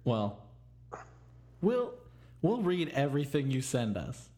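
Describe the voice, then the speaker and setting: A young man co-hosting a casual podcast, tossing out deadpan wisecracks. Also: medium pitch, slow pace. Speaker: podcast co-host. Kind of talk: casual chat.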